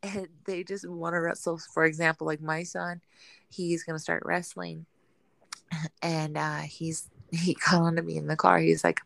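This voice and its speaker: A podcast co-host with a low, gravelly voice talks at a normal pace with no echo. In casual, encouraging chat, she tells stories with animation, quoting and acting out her family.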